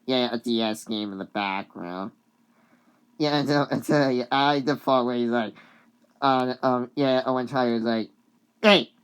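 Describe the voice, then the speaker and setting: A woman's voice: very deep voice, moderate pace, clean tone. A woman vlogger casually recapping a cartoon, rambling with many fillers and giggles.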